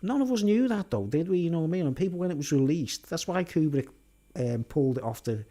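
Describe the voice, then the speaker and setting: A man's voice: fairly high pitch, lively intonation, fast, dark tone. A man telling a long casual story, rambling and filler-heavy, often laughing.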